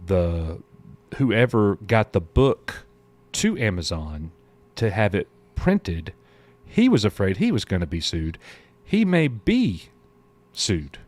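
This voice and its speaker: A man's voice: fairly low pitch, very animated, slow pace, darkish tone. A man co-hosting a casual live stream, chatting loosely and reading viewer messages aloud. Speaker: show co-host.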